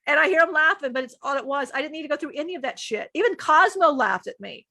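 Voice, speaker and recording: A woman's voice: sits high, lively intonation, fast, hardly any pauses, bright, forceful tone, no room sound. A woman co-hosting a live stream, sharing personal struggles in a rambling, emotional way, often restarting sentences and swearing casually. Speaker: channeler co-host.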